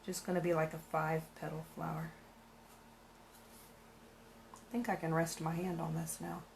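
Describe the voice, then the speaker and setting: A woman's voice: sits low, little pitch movement, normal speed, creaky, slight background noise, rough recording. Chatty woman thinking aloud while painting. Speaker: craft vlogger. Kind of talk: casual painting narration.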